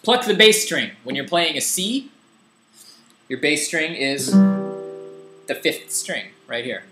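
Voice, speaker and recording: A man's voice: fairly high pitch, slow pace. Young man teaching guitar, echoey room. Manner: relaxed, rambling, self-deprecating. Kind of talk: casual guitar lesson. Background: guitar strumming.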